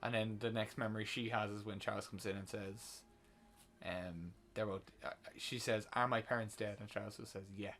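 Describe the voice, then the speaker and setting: A man's voice: lowish voice, fairly even intonation, moderate pace, a bit bright. A man co-hosting a podcast, casually retelling and ranting about a film he reviews, swearing when worked up. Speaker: podcast co-host. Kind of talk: casual movie review chat.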